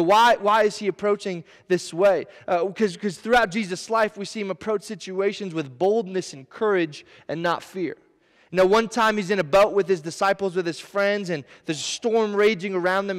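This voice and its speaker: A male pastor preaching a sermon in an earnest way, often restarting and repeating his words. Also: high-pitched. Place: church sanctuary. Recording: long church hall reverb.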